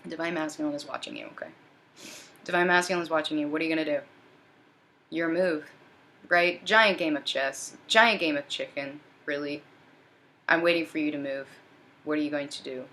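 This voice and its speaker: A woman with a low voice talks through a tarot reading in a loose, chatty way. She sounds drained and tired, sprinkling her talk with ums, quick laughs and little check-ins. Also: fairly bright tone. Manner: chatty, repeats okay and um, laughs often. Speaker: tarot reader. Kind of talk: spiritual reading, casual monologue.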